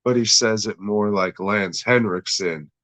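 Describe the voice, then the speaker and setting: Guy rambling thru a horror episode recap, swears a lot, slow drawl, dry close sound. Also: lowish voice, fairly bright tone, no echo. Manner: profane, offhand, self-correcting, chuckling. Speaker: horror show reviewer.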